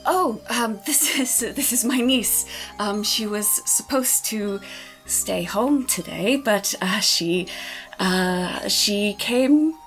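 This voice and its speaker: A woman's voice: mid-range voice, takes it slowly, fairly bright tone, soft background music. A woman voicing a nervous young man who stammers and hesitates, full of ums and restarts. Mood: flustered.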